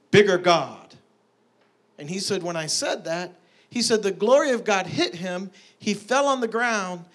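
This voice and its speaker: A preacher with a slightly high voice tells a story from the pulpit. His delivery is animated, and it rises to emphatic peaks as he makes each point. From Tulsa, Oklahoma. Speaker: pastor. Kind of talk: sermon with storytelling.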